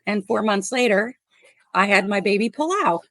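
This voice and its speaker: An expressive mid-range voice at moderate pace comes from a Chicago, USA, animal rescuer on a podcast, in a dry recording. She talks casually and warmly, laughing often and using plenty of fillers.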